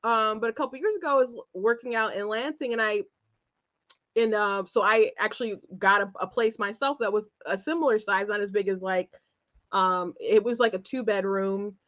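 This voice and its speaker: A woman's voice: mid-range voice, a bit bright, dull audio. A woman hosting an interview show, talking in a rambling, hesitant way with frequent restarts and laughter. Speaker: show host. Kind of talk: casual conversational interview.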